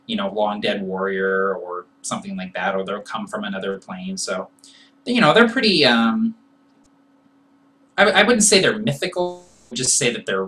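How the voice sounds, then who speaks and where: A man's voice: on the low side, sharp tone, rough recording. A man hosting a live Q&A, answering viewer questions in a loose, thinking-aloud way. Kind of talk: casual live Q&A.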